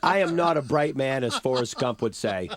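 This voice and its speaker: A man's voice: mid-range voice, lively intonation, normal speed, a crowd in the background. A man from New England telling jokey stories as a comedian guest on morning radio, acting out the voices of the people in his stories. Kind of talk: comic storytelling on morning radio. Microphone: radio studio mic.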